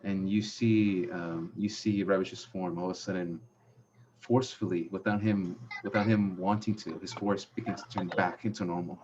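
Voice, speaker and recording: A young man narrating as game master, describing scenes in a halting way with frequent fillers. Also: low voice, fairly even intonation, darkish tone, slight background noise. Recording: muffled lo-fi audio.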